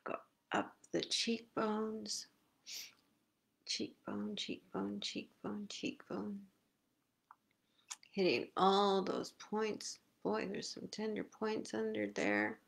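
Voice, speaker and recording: Slow, gravelly woman guiding face massage. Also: medium pitch, big pitch swings. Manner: slow, soothing step-by-step cues. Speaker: self-care instructor. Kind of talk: live-streamed guided face massage.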